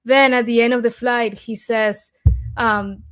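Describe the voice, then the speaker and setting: A woman's voice: fairly high pitch, fairly even intonation, unhurried, fairly bright tone. Argentine-accented woman telling her story. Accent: Argentine Spanish. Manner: eager, many restarts and fillers. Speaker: guest. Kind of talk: interview storytelling.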